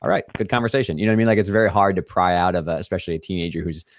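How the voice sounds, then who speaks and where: In a low, steady voice, a male podcast host explains things quickly during an interview. His tone is casual and explanatory, full of hedging "like"s.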